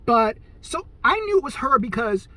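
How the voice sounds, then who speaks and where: A man's voice: very high-pitched, moderate pace, no room sound. A man telling a profane, comedic rant about his day in a casual vlog. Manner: animated, profane, storytelling. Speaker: vlogger.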